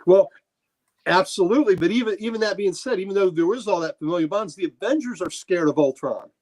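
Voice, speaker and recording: Slightly high-voiced man, emphatic. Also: expressive, fast, darkish tone. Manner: emphatic, laughs between remarks. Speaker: podcast co-host. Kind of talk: casual chat.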